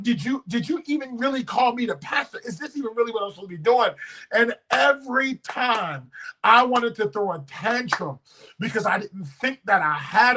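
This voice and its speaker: A man in his thirties preaching a sermon as pastor, testifying with feeling and swinging from hushed moments to loud, drawn-out shouts. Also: very high voice, poor audio. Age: 30s. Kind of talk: emotional sermon.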